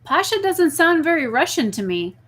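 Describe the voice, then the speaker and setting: A young woman chatting casually on a live stream, reading viewer messages and telling stories with lively outbursts. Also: sits high, moderate pace. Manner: chatty, reads viewer messages, talks to her pet snake in a soft baby voice.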